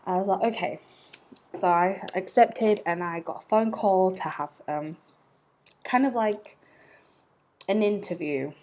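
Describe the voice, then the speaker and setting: A woman's voice: medium pitch, unhurried, pauses often, a little mellow. A young woman telling a personal story to camera in a chatty, rambling way, laughing at herself. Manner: chatty and rambling, with fillers and self-mocking laughs. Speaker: vlogger.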